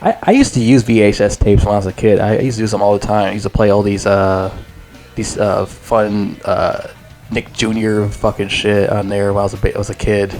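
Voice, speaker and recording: A man's voice: lowish voice, fairly even intonation, brisk, darkish tone, faint music behind. Rambling, profane young male reviewer. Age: 20s. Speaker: movie reviewer. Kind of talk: casual vlog review.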